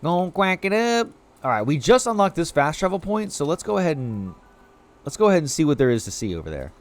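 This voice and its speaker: Lively, chatty male game streamer. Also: fairly high pitch, fast, soft background music. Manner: chatty, talks to chat while playing. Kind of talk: casual live-stream commentary.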